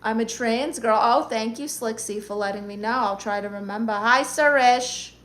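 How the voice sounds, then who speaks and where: A woman's voice: a little high, moderate pace, fairly bright tone. A woman from Brooklyn with a New York accent, casually chatting on a live stream and firing sassy comebacks at viewers. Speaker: comedian live-streamer reading chat.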